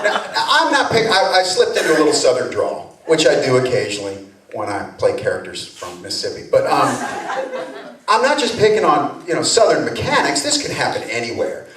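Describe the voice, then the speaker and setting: A male comedian doing a stand-up set, telling a story in an animated, conversational way with impressions. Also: medium pitch, a little fast, a crowd in the background. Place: comedy club stage. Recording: roomy club sound from a distance, audience.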